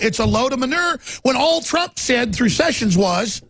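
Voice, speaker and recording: A man hosting a talk radio show, ranting with passion and swinging between loud outbursts and low muttering. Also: big pitch swings, moderate pace, hardly any pauses, slightly rough.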